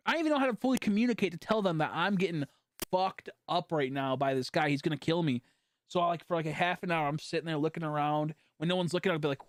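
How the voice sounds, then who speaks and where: A man streaming a game, telling a long story in a rambling, profane way full of fillers, swinging between hushed and loud. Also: on the high side, fast, dry recording, studio quality. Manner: animated, jumping from hushed to loud. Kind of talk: casual storytelling while gaming.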